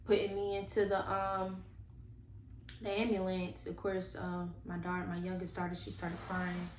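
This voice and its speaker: A woman tells a personal story to her viewers, earnest and animated as she talks to them directly. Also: fairly low pitch, normal speed. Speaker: vlogger telling a personal story. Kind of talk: casual storytime monologue. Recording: echoey room with faint background noise.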